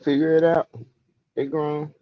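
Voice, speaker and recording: A man's voice: fairly high pitch, flat delivery, measured pace, no echo. A man tossing in joking comments from the side of a chat. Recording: off-mic and dull-sounding.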